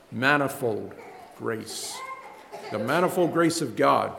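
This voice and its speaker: A man's voice: mid-range voice, lively intonation, vocal fry, a bit bright. Man preaching in a reverberant church. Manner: halting, repeats words, rises when stressing points. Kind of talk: sermon. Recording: reverberant hall with faint noise.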